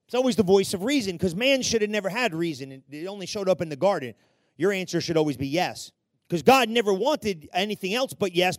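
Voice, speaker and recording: A man preaching an impassioned sermon, swinging between shouted peaks and hushed passages and acting out the voices in the story. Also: high voice, no echo. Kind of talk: fiery sermon.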